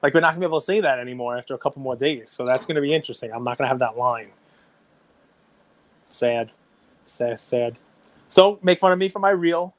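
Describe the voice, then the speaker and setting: A middle-aged man co-hosting a casual podcast, excitable and rambling. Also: medium pitch, quick pace, long pauses. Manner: excitable, rambling, self-described runaway train. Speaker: podcast co-host.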